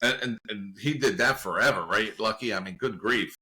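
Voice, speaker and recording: A man from the Baltimore area, a guest actor, telling an animated anecdote in casual conversation with bursts of laughter. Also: fairly low pitch, moderate pace, low-quality recording. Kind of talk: casual storytelling.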